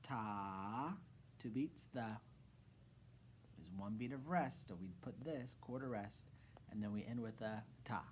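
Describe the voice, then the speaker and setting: A man's voice: mid-range voice, normal speed, darkish tone, slight background noise. Encouraging man teaching rhythm. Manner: encouraging, with rhythm chanting and asides. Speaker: music teacher. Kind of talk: lesson for children.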